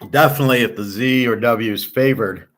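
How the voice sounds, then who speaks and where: A man's voice: mid-range voice, fairly quick, a bit bright. Angry, profane male host delivering a blunt rant to camera. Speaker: host of a sports betting and finance channel. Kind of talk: ranting monologue to camera.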